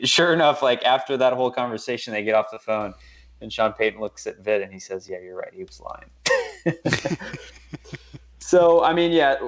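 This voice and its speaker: A man's voice: on the low side, muffled recording. A man co-hosting a casual sports podcast, rambling with lots of fillers and restarts. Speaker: podcast co-host.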